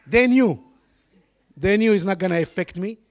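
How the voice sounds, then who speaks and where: A man with a fairly high voice addresses a charity fundraiser. He talks in earnest, persuasive tones, his English non-native in its grammar and dotted with religious phrases. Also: animated, normal speed. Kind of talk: public speech with storytelling.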